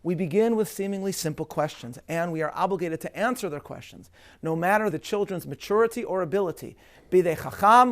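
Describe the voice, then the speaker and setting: High-voiced man giving a measured lecture. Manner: measured, emphatic delivery with Hebrew terms. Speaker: rabbi. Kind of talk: scripted lecture on a religious festival.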